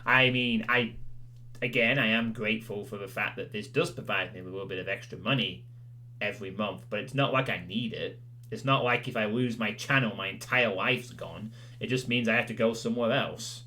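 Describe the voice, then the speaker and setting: A man's voice: lowish voice, sharp tone. A male streamer chatting casually with his audience, rambling and self-deprecating, with lots of "you know"s. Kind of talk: casual chat with a livestream audience.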